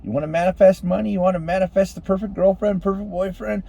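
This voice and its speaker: A man giving an impassioned motivational monologue, swinging between loud exhortation and hushed intensity, calling on the listeners as ladies and gentlemen. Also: high voice, steady tone, fast, gravelly. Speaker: street preacher-style motivational speaker.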